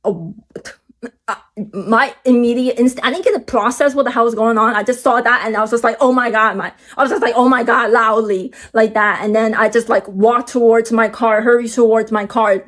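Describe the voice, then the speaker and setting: A young woman recounts a story in a loose, rambling vlog style. Her voice sits a little high and is full of fillers and restarts. She swings into bursts of animated, high-pitched energy. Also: fairly quick. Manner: animated, jumps high when excited. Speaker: vlogger.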